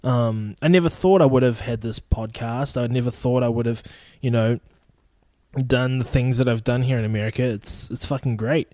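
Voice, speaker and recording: A young man from New Zealand with a New Zealand accent, hosting a casual solo podcast in a blunt, profane way and mimicking people in high, excited voices. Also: normal speed, no echo. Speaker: podcast host.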